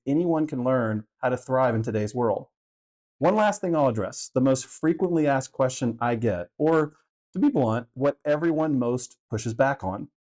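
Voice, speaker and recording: A man speaking in a mid-range voice, giving a scripted presentation with an earnest, persuasive tone. His delivery stays steady and measured as he makes his case. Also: mid-range voice. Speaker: author presenting his parenting book.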